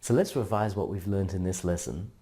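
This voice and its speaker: A man narrating a scripted language lesson in a measured, instructional way, drawing out syllables for practice. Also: sits low, mellow, breathy edge. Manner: slow, measured, drawn-out syllable drills. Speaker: language teacher.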